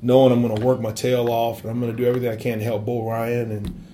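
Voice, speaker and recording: Earnest man, mellow voice, reminiscing. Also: mid-range voice, flat delivery, fast talker, a little hiss or hum. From Wisconsin. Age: 30s. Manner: earnest, many fillers. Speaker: assistant basketball coach. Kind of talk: reflective interview answers.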